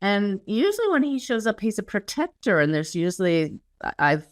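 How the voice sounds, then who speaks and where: A woman author being interviewed, speaking earnestly and slowing down to stress quoted words. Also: mid-range voice, very animated, no room sound, studio quality. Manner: earnest, slows down when quoting guidance. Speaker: interview guest, spiritual author. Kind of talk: casual conversational interview.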